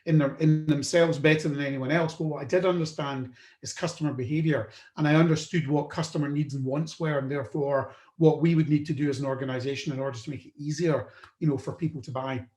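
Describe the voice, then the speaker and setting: A man's voice: fairly high pitch, fairly even intonation, fast talker, a little mellow. A man from the UK hosting a podcast, telling the story of his own career in a loose, conversational way with fillers and restarts. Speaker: podcast host. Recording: roomy echo.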